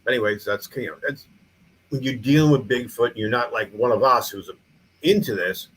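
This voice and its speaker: The speaker, a middle-aged museum founder and small-town mayor from New York, gives a rambling podcast interview full of restarts and fillers. He talks at a moderate pace in a medium-pitched, fairly bright voice, with slight background noise on a low-quality recording.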